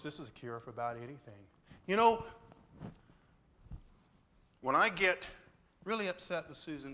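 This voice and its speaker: A man preaching a sermon to his church in an animated way, with sudden loud exclamations and asides to the congregation. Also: fairly high pitch. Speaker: pastor. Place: church sanctuary.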